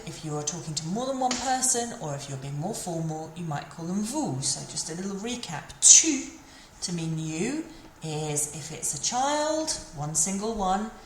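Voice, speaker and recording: Woman, mid-pitched teacher, patient and repetitive explainer, roomy recording with light background ambience. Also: a little hiss or hum. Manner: patient, repeats and models French phrases. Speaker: French teacher. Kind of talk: explanatory language lesson. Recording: echoey room, faint ambience.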